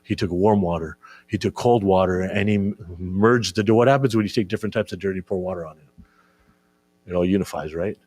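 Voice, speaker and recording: A man's voice: low voice, fairly quick, darkish tone. A man giving a conversational sermon to young listeners, often checking in with "right?" and repeating words as he searches for them. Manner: conversational, keeps asking "right?". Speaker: speaker at a religious gathering.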